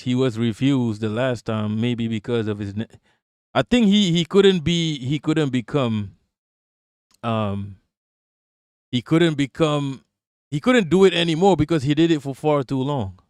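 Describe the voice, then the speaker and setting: A man's voice: medium pitch, darkish tone, clear, resonant tone, no room sound, studio quality. Sarcastic, swearing male streamer. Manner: sarcastic, profane, talks back to chat. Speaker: streamer reacting to a clip and chat. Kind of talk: casual live-stream commentary.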